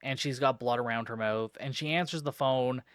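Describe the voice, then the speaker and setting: A man's voice: mid-range voice, moderate pace, a bit bright, no room sound, studio quality. A man hosting a podcast, recapping a film in a casual, sarcastic and exasperated way, swearing constantly. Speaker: podcast host reviewing a film. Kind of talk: casual profane movie recap.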